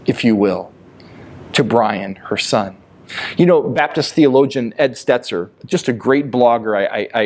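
A man's voice: a little high, a little mellow. Male pastor preaching, earnest and emphatic, repeats himself a lot. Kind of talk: sermon.

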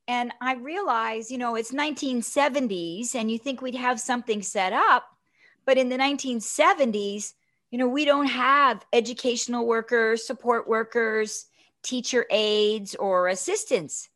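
A woman in her fifties, a guest telling a personal story in an animated, chatty way, often checking in with "right?". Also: on the high side, measured pace.

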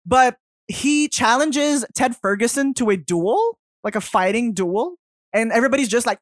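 A woman's voice: a little high, sing-song, moderate pace, no room sound, studio quality. A woman co-hosting a horror film podcast, chatty and laughing often as she muses on the movie. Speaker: podcast co-host. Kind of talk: casual film discussion.

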